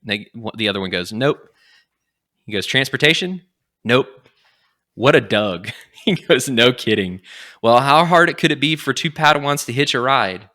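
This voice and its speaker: A young man hosting a podcast, casually retelling a comic story and acting out its lines in quick quotes. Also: medium pitch, expressive, sharp tone. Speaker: podcast host.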